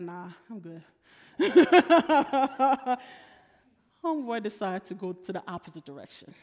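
A woman pastor preaching a sermon in an animated, humorous, colloquial storytelling style. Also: fairly low pitch. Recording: long reverb of a large hall.

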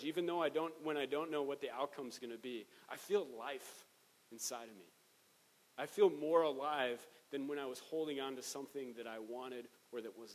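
A man's voice: medium pitch, big-room sound, low-quality recording. A male pastor giving an earnest, conversational sermon with rising emphatic peaks, recorded in a church sanctuary.

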